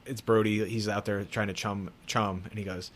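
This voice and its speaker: A man's voice: on the low side, level tone, normal speed. A man co-hosting a movie podcast, chatting casually and reading film facts and quotes from his notes. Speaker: podcast co-host.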